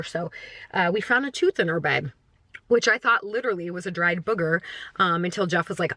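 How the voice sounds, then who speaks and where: A woman's voice: medium pitch, lively intonation, brisk, pushed and bright, no room sound. A woman in her thirties chatting casually to her phone camera from a parked car, rambling and poking fun at herself. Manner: chatty, self-mocking, rambling with fillers. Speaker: vlogger. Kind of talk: casual vlog chat to camera.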